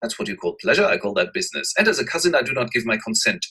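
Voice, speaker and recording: A man voicing a witty, idle young gentleman who teases his friend. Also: medium pitch, sing-song, creaky, breathy edge, voice pushed up, exaggerated voice, low-quality recording. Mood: teasing. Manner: teasing and quick.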